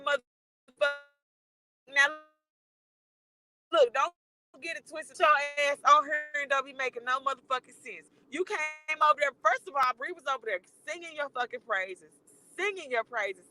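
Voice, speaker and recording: A woman's voice: high-pitched, sharp tone, low-quality recording. A woman livestreaming from her car while she drives, ranting bluntly and with plenty of profanity as a commentator.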